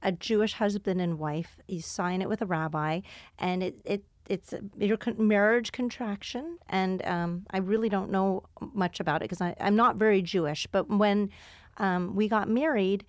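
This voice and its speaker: A woman in a casual podcast chat, telling stories with animated swings in her voice and frequent laughter. Her pitch sits mid-range, and the sound is dry and close with no room echo. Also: normal speed. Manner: animated storyteller, laughs often, frequent fillers. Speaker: podcast host and comedian.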